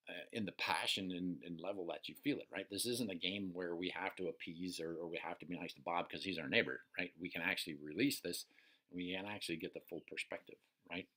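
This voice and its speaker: A man's voice: low-pitched, fairly quick, a bit bright. A man coaching listeners in a casual, unscripted teaching talk, profane and checking in with "right?" often. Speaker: personal development coach.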